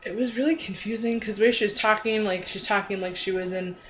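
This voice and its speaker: A woman co-hosting a casual recap chat in an easygoing, chatty way, quick to agree. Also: medium pitch, fairly even intonation, low-quality recording. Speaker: podcast co-host.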